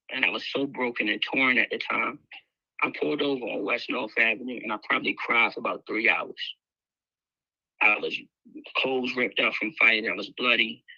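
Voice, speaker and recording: A man's voice: mid-range voice, gravelly, pushed and bright, slightly rough, no room sound, highs cut off. A man telling a raw personal story, candid and emotional, full of fillers. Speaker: guest speaker sharing his life story.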